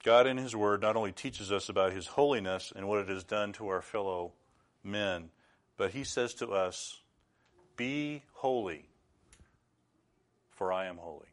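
A middle-aged man preaching a sermon in an earnest, measured way, now and then rising to loud bursts. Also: fairly low pitch.

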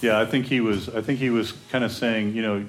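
A man's voice: fairly low pitch, fairly even intonation, brisk, a little hiss or hum. A man leading a Bible study discussion, affirming and encouraging the group.

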